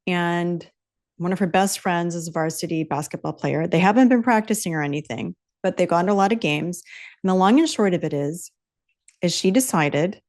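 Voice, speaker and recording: A woman's voice: lowish voice, moderate pace, darkish tone. Blunt fired-up woman in her fifties. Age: 50s. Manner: emphatic, blunt and profane, repeating key phrases. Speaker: podcast host. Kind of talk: solo motivational podcast talk.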